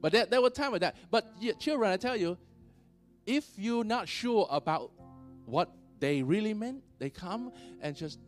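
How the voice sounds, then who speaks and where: A male pastor preaching a sermon in church, animated, laughing often and checking in with the congregation. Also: sits high, normal speed, faint music behind.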